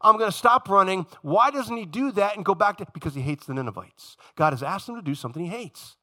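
A man preaching a sermon in church, animated and emphatic, acting out the voices of the story he retells. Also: high voice, quick pace. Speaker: pastor. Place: church sanctuary.

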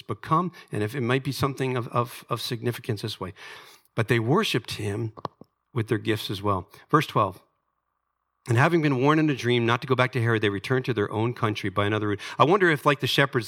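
A man's voice: medium pitch, a bit bright. A middle-aged man preaching a sermon as pastor, in an earnest, conversational way, and reading scripture aloud.

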